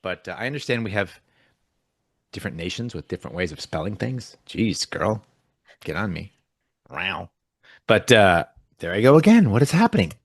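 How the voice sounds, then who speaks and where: A man's voice: lowish voice, sing-song, normal speed, long pauses, dry recording, studio quality. A man co-hosting a podcast in casual chat who has just woken up, rambling, jokey and often cutting himself off mid-sentence. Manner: rambling, self-interrupting, jokey. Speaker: podcast co-host.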